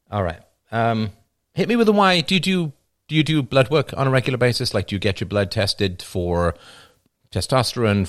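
A man's voice: fairly low pitch, no room sound, clean studio sound. A middle-aged man hosting a livestream, talking in a wry, rambling way while answering questions. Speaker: livestream host taking questions. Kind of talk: casual livestream monologue.

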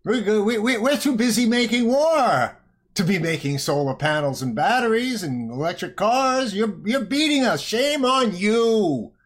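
A man putting on a shrill scolding older woman. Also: animated, measured pace. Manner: mocking, exaggerated scolding.

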